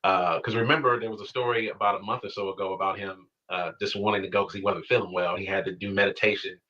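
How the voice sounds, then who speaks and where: Man, former prison worker, bright sharp tone, measured explanation. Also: low-pitched, fairly even intonation. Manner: measured, explanatory, many fillers. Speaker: former prison official interviewed on news. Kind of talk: news interview. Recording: dull lo-fi news clip.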